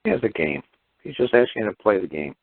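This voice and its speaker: A man's voice: lowish voice, fast talker, vocal fry, a little hiss or hum. A man calling in to a talk show, chatting casually and acting out the voices of people he quotes. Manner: animated, acts out quoted voices. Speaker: caller. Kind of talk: casual phone conversation. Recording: dry tinny phone line.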